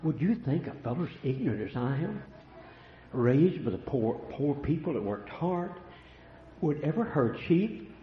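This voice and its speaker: An older man preaching a sermon, telling folksy stories and swinging between hushed and loud lines. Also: mid-range voice, big pitch swings, measured pace, a little hiss or hum. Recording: echoey room, dull lo-fi sound.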